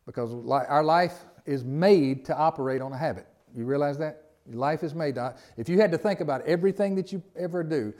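A man's voice: medium pitch, mellow. A man with a Southern US accent preaching a sermon as pastor, in a folksy, conversational way with repeated phrases and asides.

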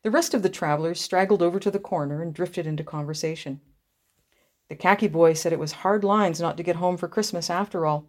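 A woman reads a story aloud in a measured, expressive way. Her voice sits on the low side for a woman. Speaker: narrator.

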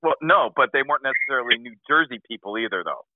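A man co-hosting a podcast in casual chat, teasing the others and quick to laugh. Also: mid-range voice, animated, heavy background noise. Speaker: podcast co-host. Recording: tinny phone-like remote line.

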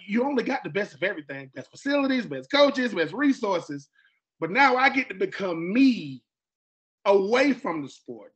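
With a high, slightly rough voice, this Georgia-born podcast host chats casually and animatedly. He acts out quoted dialogue and frequently repeats himself or starts over.

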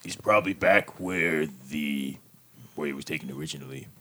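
A man playing a tabletop game, asking halting, hesitant questions in casual chat. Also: rumbling low, fairly bright tone, a little hiss or hum. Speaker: player.

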